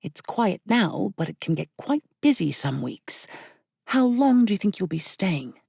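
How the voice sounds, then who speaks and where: Woman doing a warm Irish landlady. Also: mid-range voice, very animated, measured pace, gravelly, slightly rough, no room sound, clean studio sound, heavily acted. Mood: welcoming. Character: warm middle-aged Irish landlady, grieving widow.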